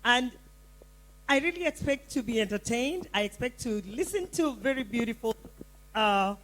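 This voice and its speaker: A woman's voice: a little high, lively intonation, moderate pace, a bit bright, slight background noise, low-quality recording. A woman introducing herself as a poet and judge in a casual, friendly way. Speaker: poetry judge. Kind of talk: self-introduction at an event.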